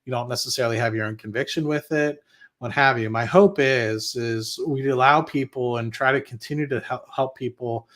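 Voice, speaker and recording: A man's voice: medium pitch, a bit bright. Blunt, rambling man giving casual market talk. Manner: rambling and blunt, with frequent profanity and restarts. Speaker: investing channel host. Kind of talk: casual livestream talk reading viewer chat.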